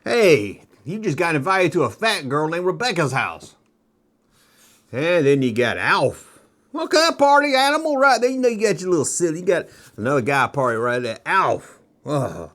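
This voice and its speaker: Brief: middle-aged man, casual show-and-tell host, higher-pitched, very animated, jokey and rambling. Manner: joking, rambling, slips into quick kid impressions. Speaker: nostalgia toy video host.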